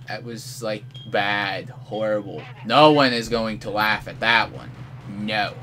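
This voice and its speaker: A man giving live commentary over his own online shooter match, excitable and mock-outraged, trash-talking opponents. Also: fairly low pitch, measured pace, slight background noise. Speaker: gameplay commentator.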